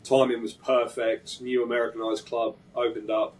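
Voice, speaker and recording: A man's voice: medium pitch, level tone, moderate pace, recorded from a distance, low-quality recording. A man from England, a caddie guest on a podcast, recounting how he started in caddying in a matter-of-fact, casual way. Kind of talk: casual chat.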